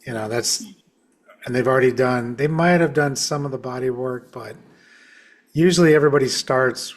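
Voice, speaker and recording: A man hosts a podcast conversation and sets out his views calmly and step by step. He speaks at a middle pitch and affirms his guest's points. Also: normal speed. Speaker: podcast host and shamanic practitioner.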